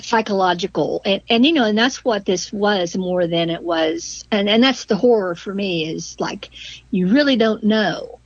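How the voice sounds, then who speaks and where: A woman's voice: medium pitch, moderate pace, no room sound. An older woman in casual conversation, hesitant, with many fillers and restarts, on a dull lo-fi call. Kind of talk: casual chat.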